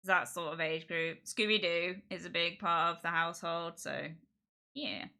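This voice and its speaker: Sharp-voiced woman chatting on stream. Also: on the low side, steady tone, clean tone. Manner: chatty, rambling, quick to laugh. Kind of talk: casual livestream chat. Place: home office. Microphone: streaming microphone.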